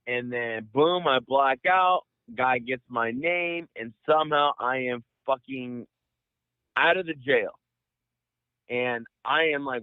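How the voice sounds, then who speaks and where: A young man from the Bay Area telling a long profane story on a podcast, rambling and animated. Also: medium pitch, measured pace, clear, resonant tone, no echo. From San Francisco Bay Area. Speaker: podcast host. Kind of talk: casual storytelling. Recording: dry, phone-like audio.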